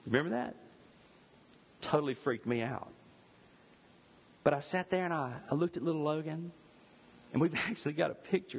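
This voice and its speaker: Husky-voiced preacher in an echoing hall. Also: male voice, animated, moderate pace, pauses often. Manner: impassioned, climbing in pitch at lists, then softening to near whisper. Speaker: pastor. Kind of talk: sermon. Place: church sanctuary. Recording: long reverb in a large hall.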